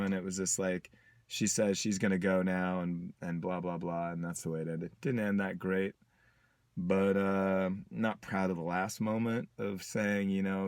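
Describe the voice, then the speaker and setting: A man talks in a candid personal video diary, reflective and halting, with many pauses. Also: sits low, no room sound. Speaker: vlogger.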